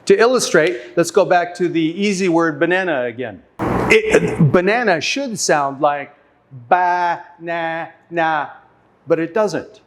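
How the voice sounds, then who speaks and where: A man teaching an English lesson, speaking slowly and deliberately, repeating and sounding out example words. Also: on the high side, lively intonation, a little hiss or hum. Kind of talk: classroom lesson.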